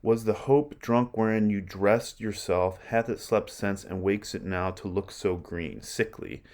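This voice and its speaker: A man reading aloud as a ruthless, scornful noblewoman who goads her husband, in a slow, deliberate way. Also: fairly low pitch, a little mellow.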